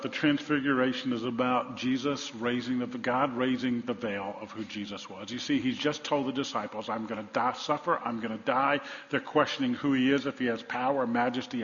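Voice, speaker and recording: Preacher man in a reverberant sanctuary. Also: medium pitch. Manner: storytelling preacher, swings from loud to hushed. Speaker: pastor. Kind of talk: sermon. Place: large church sanctuary. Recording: dull sound, long hall reverb.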